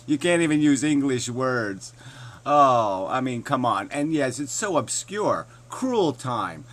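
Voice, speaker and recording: A man's voice: medium pitch, sing-song, slow pace, fairly bright tone. Sarcastic man ranting with heavy swearing. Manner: sarcastic, swears constantly, mocking. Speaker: video blogger answering a critic. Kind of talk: profane angry rant.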